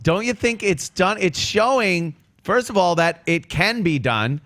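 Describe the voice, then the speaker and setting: Slow-talking male talk show host. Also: sits high, expressive, fairly bright tone. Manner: laughs along, short interjections. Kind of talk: casual chat.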